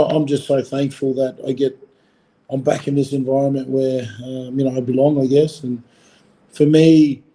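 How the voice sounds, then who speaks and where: A rugby coach and former player in his forties, an Australian-accented man, chats casually in an interview set in Fiji. He rambles with lots of fillers and restarts, his mid-range voice mellow despite poor audio.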